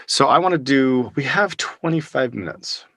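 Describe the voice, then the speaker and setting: A man's voice: medium pitch, lively intonation, moderate pace, fairly bright tone, husky, no room sound. A man teaching a live online workshop, talking casually with fillers and restarts into a close microphone over a video call. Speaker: workshop instructor. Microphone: studio microphone close up, over a video call.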